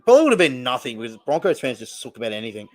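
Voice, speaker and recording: A young Australian man talks very fast in a sing-song voice of medium pitch while hosting a live stream watch-along. Chatty and casual, he reacts to the action and wanders between topics.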